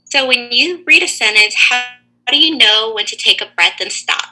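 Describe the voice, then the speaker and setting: A woman teaching a lesson to young children over a video call, asking slow, clear, encouraging questions. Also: fairly high pitch, animated, bright, forceful tone, rough recording.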